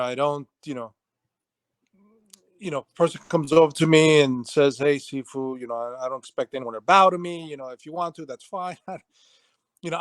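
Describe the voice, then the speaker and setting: A man's voice: mid-range voice, dry recording. A middle-aged man, a martial arts instructor, telling stories in a casual interview, acting out quoted voices and laughing easily.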